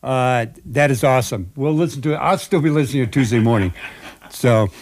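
A man's voice: medium pitch, brisk, darkish tone. Laughing man hosting local radio. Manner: jokey, laughs often. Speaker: radio host. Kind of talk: casual radio chat. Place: radio studio.

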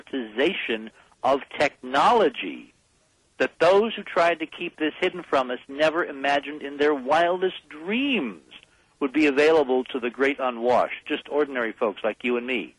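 A man's voice: medium pitch, lively intonation, normal speed, breathy edge, no room sound, rough recording. A man speaking as a guest on a radio talk show, talking emphatically and persuasively, rallying listeners to act.

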